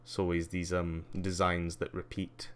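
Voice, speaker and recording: A man's voice: sits low, monotone, normal speed, a bit bright, slight background noise. A man giving a casual live-stream tour, rambling with lots of ums and uhs and wry asides. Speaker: livestreamer.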